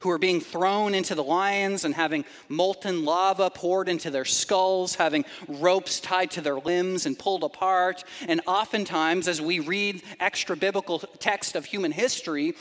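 High-voiced preacher with a twang. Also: male voice, fairly even intonation, moderate pace, few pauses, big-room sound. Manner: dynamic preaching, drops to quiet emphasis then rises. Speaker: pastor. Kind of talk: sermon.

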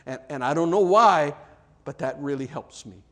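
A man preaching a sermon in a church, earnest, often repeating words and dropping to soft, emphatic lines. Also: on the high side, moderate pace. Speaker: pastor.

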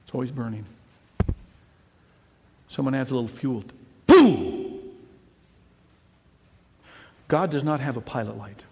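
Animated man preaching in a reverberant hall. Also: mid-range voice, brisk, pauses often. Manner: animated preaching, swinging between hushed and shouting. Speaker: pastor. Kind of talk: sermon.

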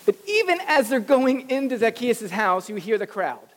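A pastor delivers a sermon in a middle-pitched voice, animated and expressive, briefly taking on the voices of the people he describes. The sound carries a long reverb, like a big church sanctuary. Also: moderate pace. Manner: animated preaching, acting out quoted voices.

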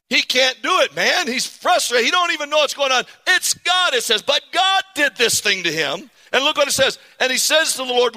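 A man preaching to his congregation, his voice high and very bright. He is animated and keeps calling out for amens. The sound rings with a long hall echo. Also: brisk. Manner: animated, calls on the congregation to respond. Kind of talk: sermon. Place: church sanctuary.

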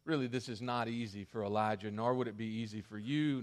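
A male pastor preaching a sermon in an animated, conversational way. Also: fairly low pitch, a little fast.

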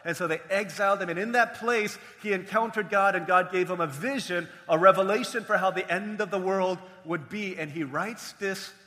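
A man's voice: high-pitched, normal speed, hardly any pauses, sharp tone, long reverb tail. A man preaching a sermon, telling a family story with playful quoted voices. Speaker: pastor.

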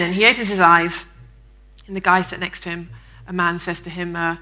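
A woman pastor giving a sermon in a conversational, storytelling way, with fillers and lively acted-out moments. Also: on the low side, fairly quick, low-quality recording. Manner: lively, acts out the people in the story.

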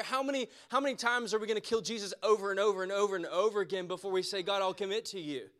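A man preaching a sermon with passion, repeating phrases for emphasis and going soft and quiet toward the close. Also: sits high, rapid-fire, hardly any pauses. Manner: impassioned, repeats phrases for emphasis, drops to a soft tone near the end.

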